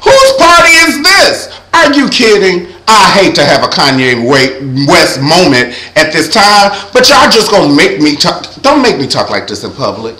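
A flamboyant young man dishing on an awards show in a high, lively voice that swoops up and down. His tone is bright and sassy, and he often breaks into sung impressions. The sound bounces around an echoey room. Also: moderate pace, few pauses. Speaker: vlogger reviewing an awards show. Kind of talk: sassy comedic recap.

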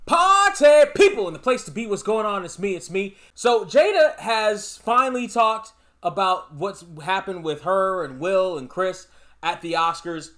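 Male vlogger with a very high, animated voice; emphatic, repetitive commentary. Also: measured pace. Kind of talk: casual commentary vlog.

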